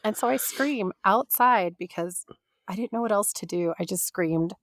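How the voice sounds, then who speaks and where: A woman in her forties, a podcast co-host, telling a story in casual chat, animated and freely swearing as she acts out other people's lines. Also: medium pitch, moderate pace, no room sound, studio quality.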